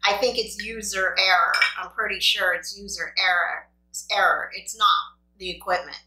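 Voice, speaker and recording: A woman's voice: medium pitch, fairly even intonation, moderate pace, sharp tone, recorded from a distance. A woman hosting an eating video, chatting to her viewers in a rambling, self-deprecating way. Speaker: mukbang host. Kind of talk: casual chat while eating. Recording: echoey room.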